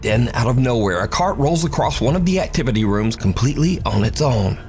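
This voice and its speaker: A man's voice: medium pitch, lively intonation, brisk. A man giving scripted narration of scary video clips, with a dramatic storytelling delivery. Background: music.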